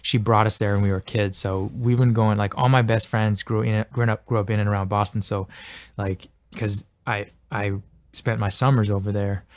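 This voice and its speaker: A man's voice: fairly low pitch, level tone, normal speed, no room sound. A man, an actor, talking earnestly in a casual interview, rambling with lots of "like" and "you know". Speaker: actor promoting a film.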